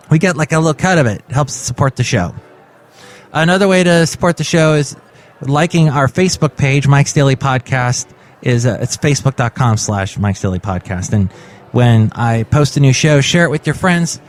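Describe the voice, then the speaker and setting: A man's voice: medium pitch, lively intonation, normal speed. A man from California hosting his own podcast, talking casually and rambling through asides and plugs. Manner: chatty, rambling, promotional asides. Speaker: podcast host. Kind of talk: casual solo podcast chat.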